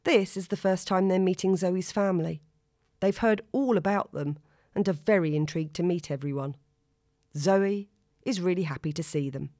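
Brief: female narrator, steady expressive reading, low voice, dry booth. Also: moderate pace, no room sound. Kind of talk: audiobook narration.

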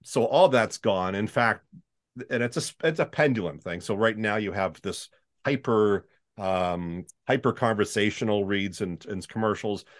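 A Canadian man with a baritone voice, a voice-over artist chatting in an interview and slipping into demo voices. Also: measured pace. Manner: chatty, animated, demonstrates reads in put-on voices. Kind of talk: casual interview chat.

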